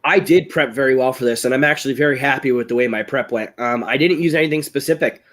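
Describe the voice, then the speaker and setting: An American man at an ordinary pitch chats on a live webcam stream while a little unwell. He tells long stories in a rambling, excitable way and gets loud when the story heats up. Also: quick pace. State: ill, voice strained. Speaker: guest, chili-eating champion. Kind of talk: casual live-stream chat. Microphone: webcam on a live video call.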